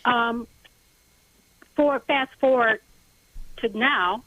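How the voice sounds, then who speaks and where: A middle-aged woman with a slightly high voice calls in over a dry, close phone line. She talks haltingly, stopping and restarting her sentences as she tells her story. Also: no echo. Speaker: caller. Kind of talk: call-in radio question.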